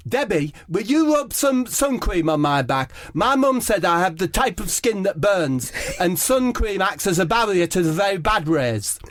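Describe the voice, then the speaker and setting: A man's voice: sits high, expressive, normal speed, few pauses, a bit bright, no echo, voice pushed up. Man doing a prim, whiny footballer. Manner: prim, overly formal, plaintive. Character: fussy, mild-mannered male footballer on holiday, easily upset.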